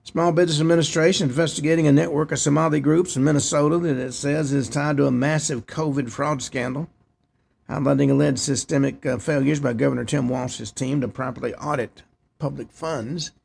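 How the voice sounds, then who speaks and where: A man's voice: a little high, fairly even intonation, fairly quick, gravelly, a little mellow, slight background noise. A man hosting a talk show, reading news headlines and adding short opinionated asides. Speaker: host. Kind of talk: news commentary.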